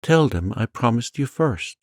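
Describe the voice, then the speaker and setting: A man's voice: medium pitch, animated, measured pace, a little mellow, no echo, clean studio sound, voice pushed up, natural voice. A man voicing an earnest, affectionate orphan girl in a storybook, talking in a pleading way. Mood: begging.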